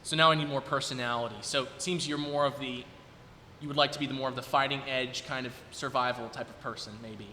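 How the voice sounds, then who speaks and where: A man's voice: medium pitch, steady tone, fast talker, sharp tone. A man in his twenties, a performer at his recital, chatting casually with the audience and thinking aloud as he goes. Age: 20s. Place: recital hall. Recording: long hall reverb, faint noise.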